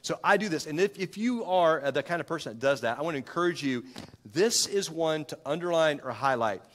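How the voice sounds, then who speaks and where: Conversational preacher in a reverberant hall. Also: male voice, fairly high pitch, expressive, fairly quick, a bit bright. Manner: conversational, self-correcting, asks the congregation questions. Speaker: pastor. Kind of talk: sermon. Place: church sanctuary. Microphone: handheld microphone.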